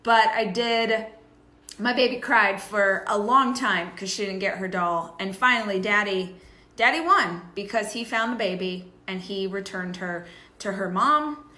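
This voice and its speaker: A woman co-hosting a casual chat, telling a story in a chatty, lively way. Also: medium pitch, unhurried. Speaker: podcast co-host. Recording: echoey room.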